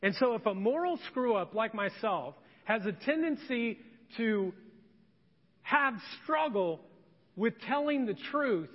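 A man preaching a sermon as a pastor, telling stories in an animated way. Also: very high-pitched, slow pace. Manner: animated storytelling. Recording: dull echoey church hall recording.

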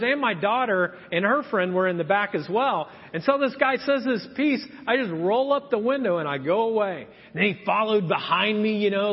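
A man's voice: high voice, husky. Man, pastor, sermon, storytelling, long church reverb, muffled lo-fi sound. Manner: animated storytelling, acting out quotes. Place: church sanctuary.

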